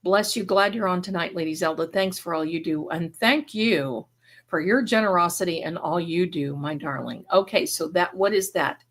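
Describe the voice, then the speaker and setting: A woman with a slightly low voice hosts a live stream and reads the chat aloud. She is gushing and affectionate, calling viewers her darlings. Her talk rambles and often breaks off mid-sentence. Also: moderate pace. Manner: effusive, showers viewers with endearments; rambling, self-interrupting. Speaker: livestream host and spiritual reader.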